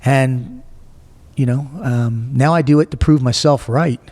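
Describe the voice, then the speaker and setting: As a guest in a relaxed interview, a man in his forties animatedly recounts a personal story, speaking bluntly and swearing a lot. His mid-range voice keeps a measured pace. The recording has a long reverb tail.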